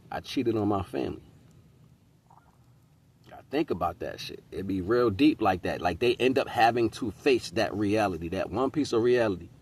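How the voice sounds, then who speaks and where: A man's voice: on the low side, slightly rough. Preachy man musing in street slang. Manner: preachy, street slang, repeats "you know what I'm saying". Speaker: host. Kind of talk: casual spiritual monologue.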